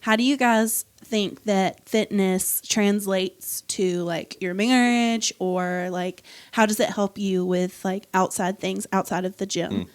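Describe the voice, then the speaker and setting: A woman's voice: medium pitch, fairly even intonation, takes it slowly, few pauses, clean tone. Chatty woman podcast co-host. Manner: chatty, frequent fillers and laughs. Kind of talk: casual podcast chat.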